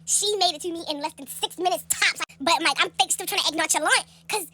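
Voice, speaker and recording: A young woman telling a story in a casual, animated, profane way, acting out the people in it in a high voice, recorded on a phone held close. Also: quick pace, loud music behind the voice.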